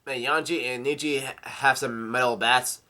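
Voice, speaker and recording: A man casually reading through a comic chapter aloud with his own comments, halting, with many fillers, restarts and coughs. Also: medium pitch, fairly even intonation, sharp tone. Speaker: comic reader.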